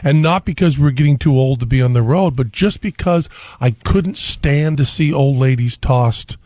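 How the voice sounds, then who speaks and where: A middle-aged man, a guest on a talk radio show, telling rambling, animated stories on a studio mic. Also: medium pitch, normal speed, no echo.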